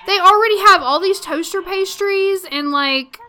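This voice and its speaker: A woman's voice: extremely high pitch, moderate pace, pushed and bright. A woman with a Southern accent casually commenting on a life-sim game during a livestream, chatty and often laughing, talking to her viewers. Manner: chatty, giggly, talks to chat. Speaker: gaming livestreamer.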